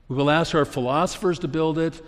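A man preaching a sermon as pastor, earnest, building to emphatic peaks and falling back to soft, low passages. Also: fairly even intonation, fairly quick. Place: church sanctuary. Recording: long reverb of a large hall.

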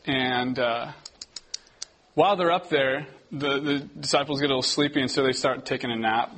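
A young man giving a casual, conversational sermon, often restarting his sentences and getting animated as he tells stories. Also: mid-range voice, normal speed, low-quality recording. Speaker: preacher. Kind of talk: casual sermon to a youth group.

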